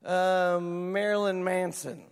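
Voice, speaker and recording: Pastor, male, high voice, lively storytelling sermon, long hall reverb. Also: slow, smooth. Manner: animated storytelling, acts out voices.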